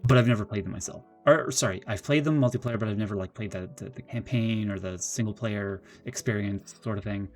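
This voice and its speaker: A man's voice: fairly low pitch, a little fast, hardly any pauses, soft background music. Exasperated man ranting on a live stream. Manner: animated, exasperated ranting with many restarts. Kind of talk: casual live-stream commentary.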